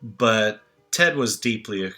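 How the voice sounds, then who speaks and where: A man delivers a heartfelt memorial tribute at a very slow, halting pace, pausing often. His voice sits somewhat low yet sounds bright and forward. He fills gaps with frequent hesitations. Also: expressive. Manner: slow, halting, many filler pauses. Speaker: channel host reading tributes. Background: soft music.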